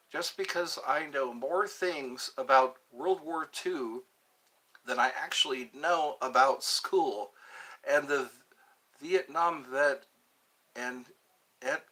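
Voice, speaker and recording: A young man rambling excitedly on a live stream, chatting with viewers and reading out comments. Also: fairly high pitch. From United States. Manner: rambling, excitable, breaks into sung bits. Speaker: livestream host.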